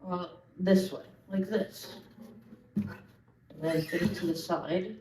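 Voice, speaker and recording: A man patiently explaining things in a soft-spoken, casual way during a kids' lesson. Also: sits high, fairly even intonation, slow. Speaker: helper explaining an instrument. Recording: distant, echoey, noisy room.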